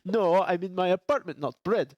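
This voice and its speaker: A man's voice: sits high, moderate pace, darkish tone, dry recording, highs cut off. A congested man co-hosting a podcast, chatting casually and reading documents aloud with some stumbles and restarts. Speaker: podcast co-host. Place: his apartment.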